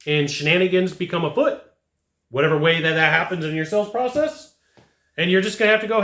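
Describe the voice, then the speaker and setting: Recorded in an echoey room, a high-pitched, slightly bright man talks fast through a sales lesson aimed at the camera. This sales trainer is emphatic and repeats phrases to reinforce his points.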